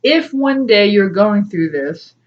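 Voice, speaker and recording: A woman's voice: medium pitch, animated, takes it slowly. A woman talks casually to her viewers as a spiritual coach, rambling through personal stories. She laughs often and slips into little voices when she quotes others. Her mid-range voice comes through a slightly muffled, lo-fi recording. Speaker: spiritual coach and tarot reader. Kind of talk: casual personal talk to camera.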